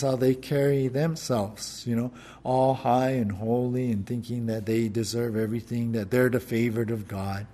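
A man preaching a sermon, reading scripture aloud and explaining it in a conversational, emphatic way. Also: dark tone. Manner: emphatic, acts out quoted lines with rising pitch; conversational with filler words and restarts.

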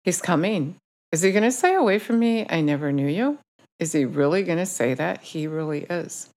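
Gravelly low-voiced woman preaching urgently. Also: expressive, normal speed, darkish tone. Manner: urgent, exhorting, rhetorical questions. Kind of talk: informal sermon.

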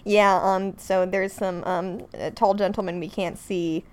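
A woman with a mid-pitched voice co-hosts a casual podcast. She jokes constantly and giggles as she talks. Her banter is quick and playful. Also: steady tone. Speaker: podcast co-host. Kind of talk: casual recap chat.

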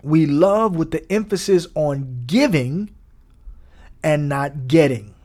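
A man preaching a sermon, animated, repeating phrases and rising to emphatic peaks. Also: fairly high pitch, slow. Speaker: pastor.

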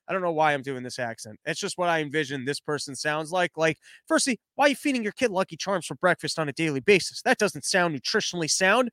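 A man's voice: sits high, sing-song, fast, hardly any pauses, bright, forceful tone, dry recording. A man hosting a podcast, ranting through political commentary in a sarcastic, profane, mocking way. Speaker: podcast host.

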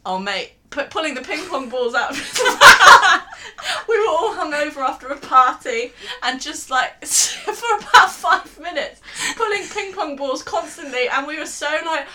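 A woman's voice: high voice, very animated, moderate pace, bright, forceful tone, a little hiss or hum. A young woman co-hosting a podcast in casual chat, often breaking into giggles. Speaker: podcast co-host.

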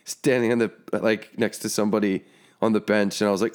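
A man's voice: lowish voice, steady tone, quick pace, a little mellow. A man co-hosting a casual sports podcast, easygoing and rambling, with lots of "like". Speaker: podcast co-host.

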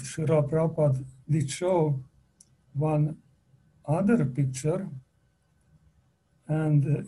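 Slow, husky man telling a devotional story. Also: fairly high pitch, low-quality recording. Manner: halting, many pauses and fillers, laughs softly.

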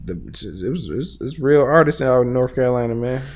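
Podcast co-host, male, mid-pitched, animated and laughing, acts out quotes in casual banter. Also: fairly quick. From Nebraska. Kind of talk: casual chat.

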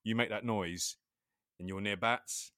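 A man's voice: fairly low pitch, steady tone, unhurried, sharp tone, smooth, dry recording, studio quality. A man, chatting casually as a podcast co-host, swearing constantly and laughing often as he tells a story. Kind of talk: casual chat.

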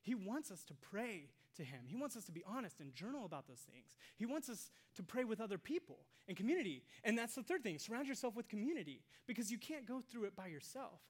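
A pastor preaching a sermon to a congregation, swinging between loud emphasis and hushed near-whispers and asking rhetorical questions. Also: mid-range voice, sing-song, fast, hardly any pauses. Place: church sanctuary with congregation.

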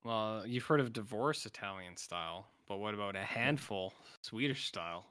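A man's voice: fairly low pitch, animated, moderate pace, sharp tone, a little hiss or hum. A man co-hosting a podcast, chiming in with jokey, teasing remarks about a movie. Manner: jokey, teasing interjections and silly voices. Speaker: podcast co-host. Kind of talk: casual movie review chat.

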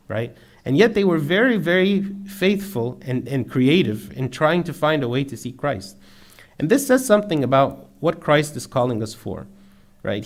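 A man preaching a sermon in an earnest, steady way, building emphasis through repetition. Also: mid-range voice.

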